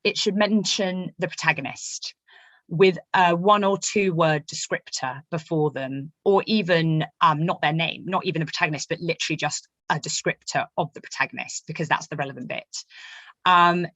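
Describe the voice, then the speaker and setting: A woman gives a writing workshop at a quick, chatty clip, full of fillers and asides. Her voice sits low for a woman. It is recorded close and dry, with no room sound. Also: a bit bright, dry recording. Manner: fast, chatty, many fillers. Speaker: novelist leading a writing workshop. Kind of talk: online workshop talk.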